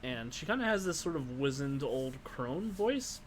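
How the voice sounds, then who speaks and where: A man's voice: mid-range voice, big pitch swings, unhurried, a little hiss or hum. A man narrating a tabletop role-playing game as game master in a loose, descriptive way.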